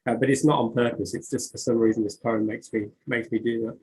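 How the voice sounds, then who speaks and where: A man's voice: mid-range voice, steady tone, fast talker, darkish tone, low-quality recording. Hesitant New man reading poetry. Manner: hesitant, many fillers and restarts. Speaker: poet and author. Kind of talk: conversational interview, reading poetry aloud.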